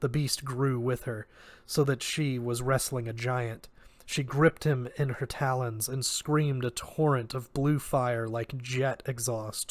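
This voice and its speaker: A man of middle pitch reads a fantasy novel aloud at home, narrating steadily and now and then going back to fix a word. His voice is picked up close, with a dry, dead sound and no room around it. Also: no room sound. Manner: steady narration with occasional self-corrections. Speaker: reader of a novel.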